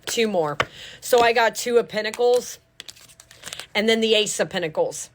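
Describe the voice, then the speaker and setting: Over a noisy background, a woman with a higher-pitched voice reads tarot at normal speed. Her tone is urgent and preachy, laced with casual swearing and repeated checks of "do you understand".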